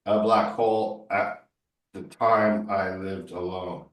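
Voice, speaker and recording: A man's voice: sits low, fairly even intonation, takes it slowly. Emphatic male coach in a roomy echo. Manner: emphatic, corrective, playful. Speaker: English speaking coach. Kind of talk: one-on-one tutoring session. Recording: roomy echo, distant mic.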